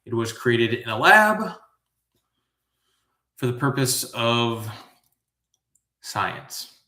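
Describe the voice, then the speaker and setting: A man hosting a live trivia stream, reading questions slowly and drifting into musing asides. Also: medium pitch, very animated, sharp tone, reverberant. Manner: slow, drawn-out, musing asides. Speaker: trivia host.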